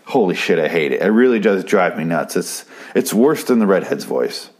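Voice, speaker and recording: A man's voice: deep voice, big pitch swings, normal speed, a little mellow. A man casually recapping a TV episode, rambling and swearing freely with frequent restarts.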